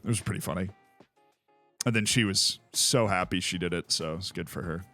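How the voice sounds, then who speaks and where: A man streaming a game, telling stories in a casual, animated way and laughing often. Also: low-pitched, moderate pace, no echo, soft background music. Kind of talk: casual chat while playing a game.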